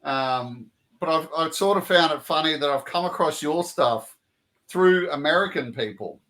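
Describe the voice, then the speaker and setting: Friendly Australian host, higher voice. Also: male voice, expressive, moderate pace, fairly bright tone. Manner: friendly, says mate, many short backchannels. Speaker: interviewer, channel host. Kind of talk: casual interview chat.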